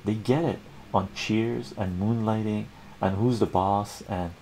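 A man's voice: lowish voice, steady tone, a little slow, dark tone, slight background noise, poor audio. A man voicing a wisecracking, chain-smoking male comic-strip dog with a dry, sarcastic delivery. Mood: sardonic.

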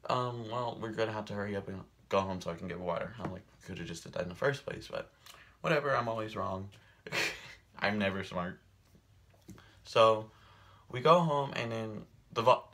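A young man vlogging at home, telling a funny story in a casual, animated way and acting out the other people's lines. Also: lowish voice. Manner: animated storyteller, acts out quoted voices, laughs often. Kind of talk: casual storytelling while doing makeup.

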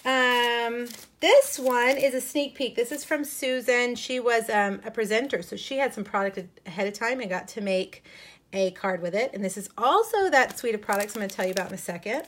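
A woman's voice: on the high side, moderate pace, a little hiss or hum. A middle-aged woman chatting casually on a live stream, showing crafts with enthusiastic asides and frequent ums.

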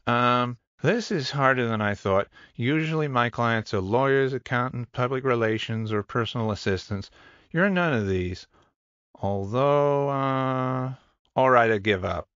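A man's voice: medium pitch, a little slow, a bit bright, no room sound, close to an everyday voice. A man voicing an eager, chatty young male gym trainer who rambles enthusiastically, in a dull, dry audiobook recording.

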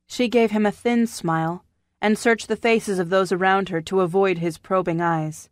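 A woman reads a historical novel for an audiobook, telling the story in a steady, measured way at a medium pitch. It's scripted narration captured on a studio microphone, clean and studio-quality, with no room sound.

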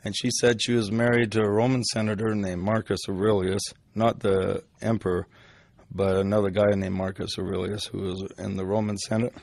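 Older man with a gravelly voice. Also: lowish voice, little pitch movement, brisk, a little mellow, dry recording. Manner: rambling, with fillers and restarts. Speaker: storyteller. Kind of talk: casual spoken storytelling.

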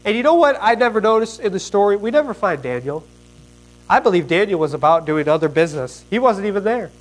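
Folksy high-voiced man preaching. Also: quick pace, low-quality recording. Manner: folksy, animated storytelling with plain slang. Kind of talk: sermon.

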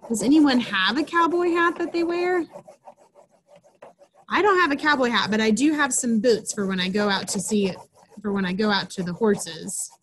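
A woman's voice: on the high side, normal speed, fairly bright tone, breathy edge. A woman presenting a children's program, reading a picture book aloud and then walking children through a craft in a chatty, instructive way. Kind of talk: storybook reading and craft lesson.

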